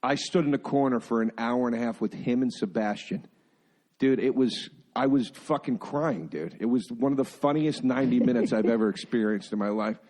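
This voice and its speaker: A man's voice: mid-range voice, fairly quick, a little mellow. A middle-aged male comedian co-hosting a podcast, telling long casual stories peppered with swearing and "dude.". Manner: swearing, rambling anecdotes with lots of "dude" and "man". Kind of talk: casual chat.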